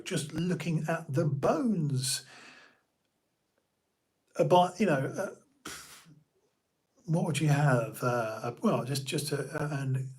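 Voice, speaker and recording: A middle-aged man, a personal trainer giving an opinionated, rambling monologue full of restarts and asides on his own show. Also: a little high. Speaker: podcast host and personal trainer.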